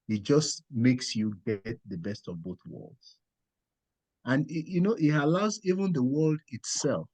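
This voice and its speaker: A man speaks on a panel with a husky voice at middle pitch. The sound is close and dry, and he is emphatic, sometimes stumbling over a word. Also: darkish tone, no echo. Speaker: panel guest, department leader. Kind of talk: panel discussion answer.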